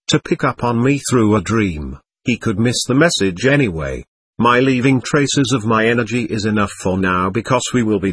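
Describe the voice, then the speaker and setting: An earnest, tender spirit of a young woman, read by a man in a calm, measured way. The voice is husky and close, with almost no room sound. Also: fairly low pitch, no room sound.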